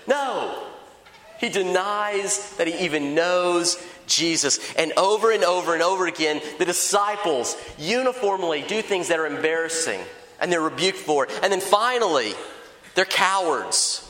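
Pastor guy preaching, high bright voice, lots of echo, chatty and animated. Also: a little slow. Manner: lively, conversational preaching with acted-out dialogue. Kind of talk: sermon. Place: large church hall. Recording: echoey church hall.

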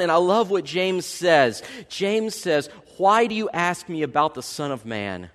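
Male pastor, sermon delivery, slightly high voice, long church-hall reverb, dynamic storyteller. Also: normal speed, few pauses. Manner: animated storytelling, swings from loud to hushed.

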